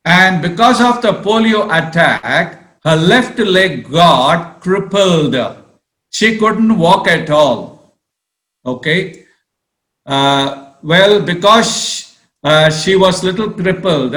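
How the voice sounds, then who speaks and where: Man, priest, sermon storytelling, unhurried, high voice, echoey room. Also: fairly bright tone. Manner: slow, repeats "okay" and "uh", acts out quoted voices.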